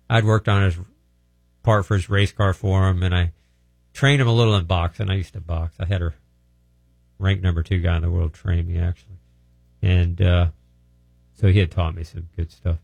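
A man's voice: deep voice, gravelly, a little mellow, dry recording. A man telling healing testimonies in a plainspoken, folksy, rambling way. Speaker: healing ministry speaker. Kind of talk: testimony storytelling.

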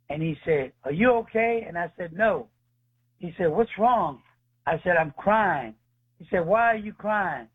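Over a tinny phone line, a ministry leader appearing as a guest shares his faith testimony in a slightly high voice with a breathy edge. He speaks earnestly and acts out the dialogue, giving characters their own voices.

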